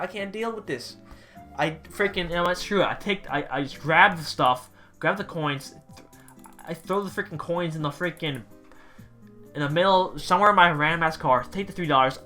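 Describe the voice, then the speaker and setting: A man's voice: sits high, normal speed, sharp tone, faint music behind. A young man telling a storytime rant about a bad night, rambling and exasperated, swearing casually. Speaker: vlogger, pizza delivery driver.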